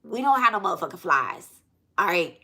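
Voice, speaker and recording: A woman telling a story straight to her viewers in a loose, conversational monologue. Her voice is bright and forceful. She swears freely, talks emphatically and repeats lines to hammer them home. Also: fairly low pitch, very animated, a little fast. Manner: profane, emphatic, repeats herself. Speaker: spiritual reader and vlogger.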